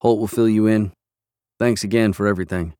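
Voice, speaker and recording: Steady, protective man, read by a male narrator, low and earnest, dry close read. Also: fairly quick, smooth, no echo, close to an everyday voice. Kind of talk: audiobook character reading.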